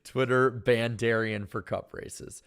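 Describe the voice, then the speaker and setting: Hoarse-voiced male podcast co-host, mid pitch, loose halting delivery reading super chats. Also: fairly even intonation, fairly bright tone. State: worn-out, hoarse voice. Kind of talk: casual podcast chat.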